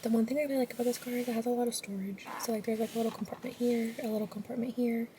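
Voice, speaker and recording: A young woman giving a soft-spoken ASMR car tour, chatty and full of fillers, often sliding into a whisper and a bit out of breath. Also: a little high, fairly even intonation, racing, distant mic, noisy background. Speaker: ASMR vlogger. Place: inside a parked car.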